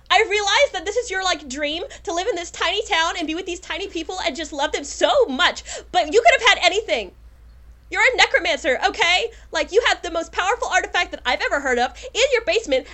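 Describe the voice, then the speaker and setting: A woman's voice: extremely high pitch, fairly bright tone, voice pushed up. A woman voicing a spoiled, scheming young noblewoman in a tabletop game, whiny and dramatic.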